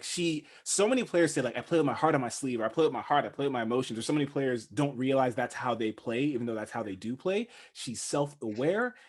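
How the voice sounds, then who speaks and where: A man co-hosting a casual chat show, talking expressively and playfully. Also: mid-range voice. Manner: expressive, laughs often, playful. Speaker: podcast co-host.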